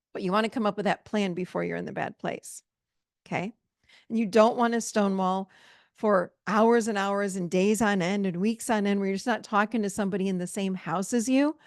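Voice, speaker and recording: A woman who hosts a podcast and coaches on relationships gives solo advice, emphatic, direct, and conversational, addressing listeners as "you guys." Her medium-pitched voice carries a gravelly edge, in studio quality with no room sound.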